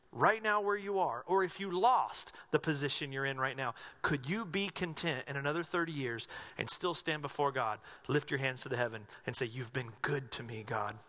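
A male pastor delivering a sermon in a high, bright, forceful voice. He presses the congregation with one earnest question after another. When he voices a prayer, he sinks to a hushed tone.

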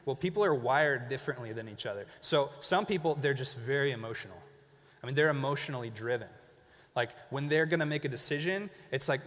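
A man preaching a sermon in a conversational, animated way, acting out the people he describes. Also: medium pitch, brisk, big-room sound. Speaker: pastor. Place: church.

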